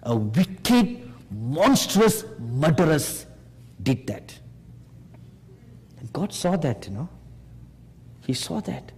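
Slow, emphatic preacher in a hall. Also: male voice, fairly high pitch, big pitch swings, darkish tone, husky. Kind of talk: sermon. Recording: long hall reverb.

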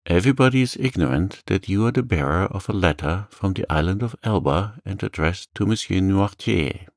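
A man's voice: low voice, lively intonation, moderate pace, no room sound, studio quality. A man doing a curt, stern magistrate. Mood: stern, uneasy. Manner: curt, commanding. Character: stern male magistrate, proud and shaken. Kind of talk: calm audiobook reading.

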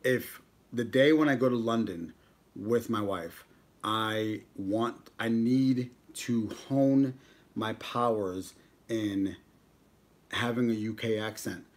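A man's voice: lowish voice, slow. A young man casually chatting with viewers on a live stream, joking around and reading out viewer names as he goes. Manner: joking, banters with chat, reads out viewer names. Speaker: mukbang vlogger on a livestream.

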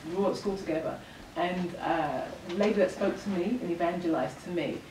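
A woman's voice: on the low side, brisk, a little mellow, a little hiss or hum. A woman attending a course, speaking up hesitantly from the audience. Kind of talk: audience remark. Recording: echoey room, mic far off.

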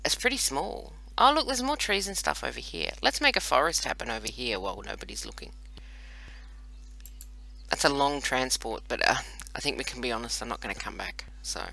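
A woman's voice: a bass voice, sing-song, brisk, vocal fry, pushed and bright, poor audio. A woman hosting casual gameplay commentary, rambling and chatty with self-mocking asides, recorded on a computer microphone. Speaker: host playing a browser strategy game.

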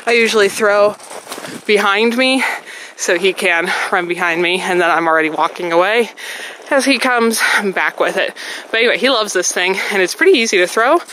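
Walking her dog through the snow on an outdoor trail, a woman keeps up a chatty vlog narration, slightly short of breath and frequently praising the dog. Her mid-range voice is a bit bright and moderately paced, on a rough recording with a little hiss or hum.

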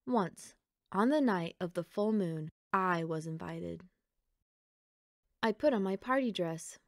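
A woman reading a children's picture book aloud in a gentle, expressive storytelling voice, close to the mic. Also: on the low side, slow, dry recording. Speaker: storybook reader.

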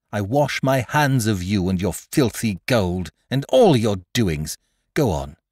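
A man's voice: low-pitched, mellow, slightly rough, no room sound, studio quality, full character voice. A man voicing a spirited young woman who is defiant and fierce, with stormy outbursts.

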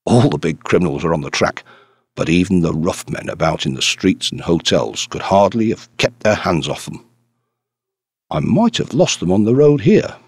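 A man's voice: low-pitched, big pitch swings, moderate pace, husky, dry recording, full character voice. A man voicing a cheerful, self-satisfied old financier in an audiobook reading, genial and condescending.

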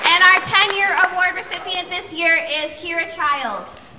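A woman's voice: very high voice, moderate pace. A woman announcing award recipients at a dance recital, reading out names steadily. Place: large auditorium. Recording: echoey hall from far off with loud crowd. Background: loud audience noise.

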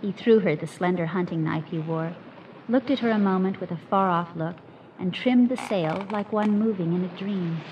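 A woman's voice: fairly low pitch, muffled recording. Woman reading a story over hiss. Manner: measured, expressive narration. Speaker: reader. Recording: noisy recording with hiss.

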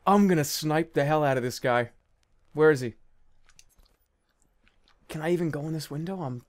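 A young man commentating a stealth game he is playing, jittery and excitable, with nervous laughs and yelps. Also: on the high side, moderate pace, long pauses. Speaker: gaming video host. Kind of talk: let's play commentary.

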